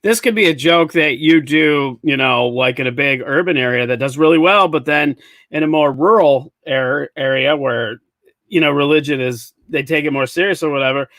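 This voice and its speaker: Clearing his throat, a man hosts a live comedy podcast, easygoing as he reads audience comments aloud and laughs often in casual live-show chat. His voice is a little high and a bit bright, at normal speed, recorded dry.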